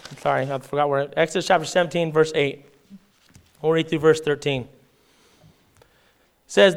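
A man preaching a sermon, reading scripture aloud and breaking off into lively casual asides and paraphrase. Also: sits high, clean tone.

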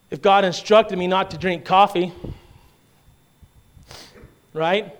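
High-voiced preacher checking in with "right?". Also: male voice, fairly even intonation, takes it slowly, pauses often. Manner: conversational preaching with frequent "right?" and "okay?" check-ins; repeats and restarts words when emphasizing. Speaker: pastor. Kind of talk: sermon.

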